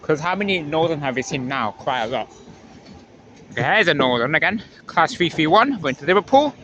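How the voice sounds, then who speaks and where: A man filming trains from the trackside, chatting excitedly as they pass and swinging between mumbled asides and excited squeals. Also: fairly high pitch, fairly quick, dull audio, slight background noise. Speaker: trainspotting vlogger. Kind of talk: excited live commentary. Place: outdoors beside a railway line.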